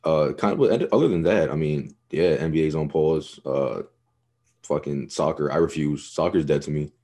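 Very deep-voiced, dark-toned young man. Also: moderate pace. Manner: swears freely, laid-back, rambling. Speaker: podcast co-host. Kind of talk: casual sports chat.

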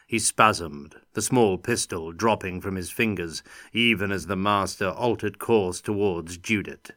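A man narrating an audiobook with steady, unhurried dramatic storytelling. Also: low-pitched, no echo, clean studio sound. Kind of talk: scripted narration.

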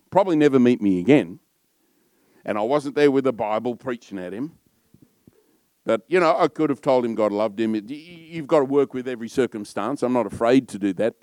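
A middle-aged man with an Australian accent, a pastor preaching a sermon in a loud, warm storytelling manner. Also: medium pitch, no echo.

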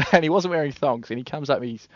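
A man's voice: on the high side, fairly quick, no room sound, lo-fi sound. A man with an Australian accent co-hosting a radio show, telling jokey stories and laughing often. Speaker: radio co-host. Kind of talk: casual radio chat.

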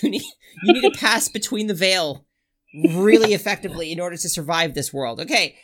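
A young woman co-hosting a casual podcast chat, loud and rambling, breaking into laughter and silly voices. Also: fairly low pitch, brisk. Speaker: podcast co-host.

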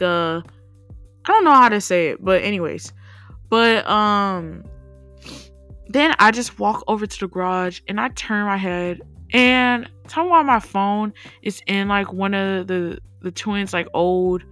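A young woman talks through a personal story on her faith podcast, rambling and full of fillers. Her pitch sits in an ordinary middle range. Faint music plays quietly behind her. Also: dry recording. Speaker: podcast host. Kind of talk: casual faith podcast monologue.

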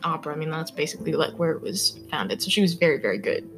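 A woman's voice: deep voice, lively intonation, fast talker. A young woman hosts a laid-back true-crime podcast, chatting through the story with constant fillers. She trips over names as she goes. Faint music sits under her voice. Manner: rambling, filler-heavy, stumbles over names. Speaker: podcast host. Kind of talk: casual true-crime chat.

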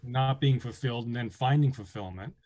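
Male interviewer, mid pitch, tentative questions full of fillers. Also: a little fast, a little mellow. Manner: hesitant, filler-heavy questioning.

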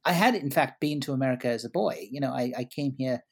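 A man's voice: mid-range voice, fast talker, gravelly. A middle-aged man from India with a blended Indian and British English accent. He is a journalist being interviewed, speaking casually in a wry, hesitant way and often repeating words. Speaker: guest, journalist and columnist.

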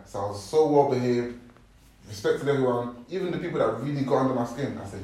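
A young man, casually telling an animated story, laughing often and using slang. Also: mid-range voice, fast. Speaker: podcast guest storyteller. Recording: echoey room, mic at a distance.

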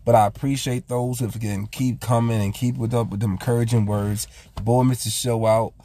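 In a casual, heartfelt monologue on his vlog, this male host reflects earnestly on raising his son. His mid-range voice is warm and steady, moving at a moderate pace, and he often recounts past talks with "I said."

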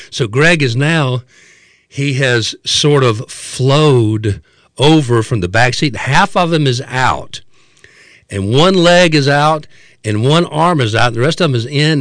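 A man's voice: medium pitch, no room sound. An older man telling a funny story, drawing out words and acting out the scenes. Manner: drawn-out, lively, acted-out delivery. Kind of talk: comic storytelling.

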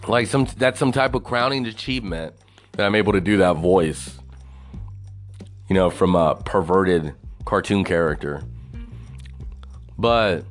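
A man's voice: low-pitched, measured pace, long pauses, faint music behind. A man hosting a podcast alone, rambling and swearing a lot, laughing at his own jokes. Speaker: podcast host. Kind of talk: casual solo podcast rant.

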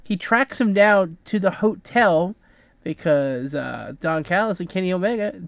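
High-voiced man in casual podcast chat. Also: lively intonation, unhurried, gravelly, background noise. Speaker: podcast co-host.

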